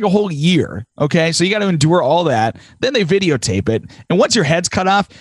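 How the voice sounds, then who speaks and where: A man's voice: fairly high pitch, no echo. A man co-hosting a podcast in casual chat, blunt and argumentative, teasing his partner and swearing. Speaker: podcast co-host.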